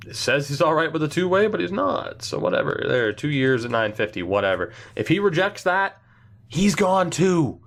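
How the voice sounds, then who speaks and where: A man's voice: medium pitch, a bit bright. A young man giving casual, blunt and sarcastic commentary while thinking aloud through a hockey management game. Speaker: gaming channel host.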